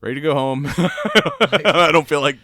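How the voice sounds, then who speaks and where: A man hosting a casual podcast, hoarse and raspy after a weekend of cigars and whiskey, talking in a laid-back, rambling way with easy laughs. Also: fairly high pitch, unhurried, bright, forceful tone. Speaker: podcast host.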